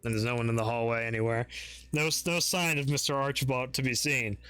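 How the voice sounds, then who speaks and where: A man's voice: medium pitch, fairly quick, fairly bright tone, clear, resonant tone, dry recording. A man narrating a tabletop game as game master, loose and casual with lots of fillers.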